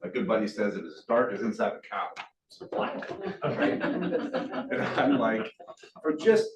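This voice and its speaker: A man's voice: mid-range voice, animated, normal speed, a crowd in the background. A man speaking to a meeting audience, telling a survival story earnestly, with bursts of self-deprecating humor. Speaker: guest speaker. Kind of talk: motivational storytelling talk. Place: meeting room. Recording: echoey room, distant mic, faint hiss.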